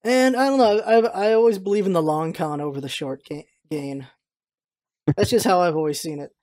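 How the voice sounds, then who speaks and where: A mid-pitched speaker talks in casual podcast chat, quick and opinionated. They hammer points home by repeating them. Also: darkish tone.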